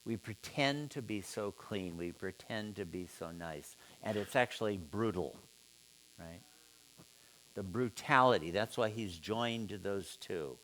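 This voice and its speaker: A man leading an informal seminar, musing aloud and putting questions to his students in a relaxed way. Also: fairly low pitch, measured pace, a little hiss or hum. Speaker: seminar teacher.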